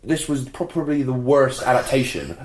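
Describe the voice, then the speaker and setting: A man in casual podcast chat, his voice at an ordinary middle pitch. He talks in a chatty way, laughs often and throws in quick asides. The room has a noticeable echo. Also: lively intonation. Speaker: podcast co-host.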